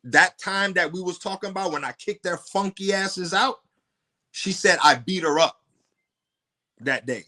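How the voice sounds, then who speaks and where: A man, a podcast guest telling a story bluntly and profanely, his voice jumping high in outbursts. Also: a little slow, pauses often, pushed and bright.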